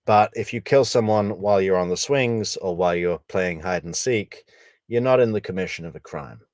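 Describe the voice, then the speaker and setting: Low-voiced man, dry analytical commentary. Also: a little mellow, dry recording. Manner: measured, thinking aloud, wry asides. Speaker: true crime commentator.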